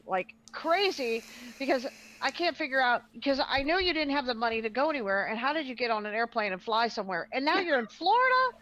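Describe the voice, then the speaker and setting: Woman, high voice, animated storyteller, lots of "like", muffled lo-fi sound. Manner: animated, acts out quotes, many fillers. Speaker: co-host. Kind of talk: casual storytelling chat.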